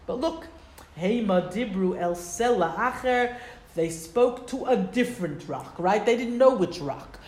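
Animated woman teaching a text class. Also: mid-range voice, a little slow, roomy sound. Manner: animated, acts out voices of the crowd. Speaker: Torah teacher.

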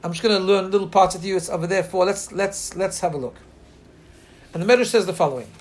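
Man, high voice, Torah lesson, earnest, reads Hebrew then translates. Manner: earnest, mixes Hebrew readings with English translation; slows and lifts his voice when reading lines. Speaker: Torah teacher. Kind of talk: teaching a Midrash text.

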